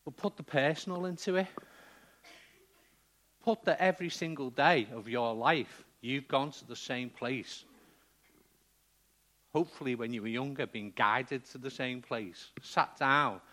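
A man's voice: mid-range voice, a bit bright. A man preaching a sermon in a conversational way, often checking in with the congregation.

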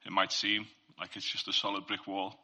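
A man's voice: sits low, flat delivery, fairly quick, pushed and bright. A man giving an informal Christian faith talk. He speaks earnestly and conversationally, sharing testimony and addressing listeners directly.

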